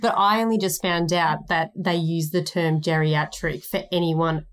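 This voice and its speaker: Woman co-host, lower-pitched voice, frank and plain in her questions. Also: steady tone, normal speed. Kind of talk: casual interview chat.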